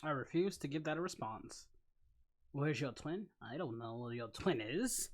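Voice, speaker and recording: A man hosting a casual livestream, reading viewer comments aloud and answering them, laughing often and breaking into sudden loud outbursts. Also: medium pitch, expressive, unhurried. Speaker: livestream host.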